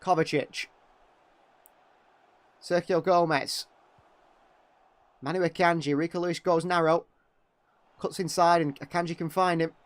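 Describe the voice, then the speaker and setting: A young man giving partisan live fan commentary on a match, excitable and quick to criticise players. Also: on the high side, dry recording. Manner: excitable, exclaiming at big moments, critical of players.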